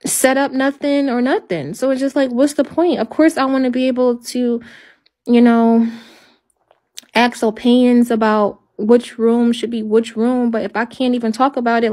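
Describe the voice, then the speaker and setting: A halting, despairing woman livestreaming. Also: on the high side, steady tone, darkish tone. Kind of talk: emotional livestream talk.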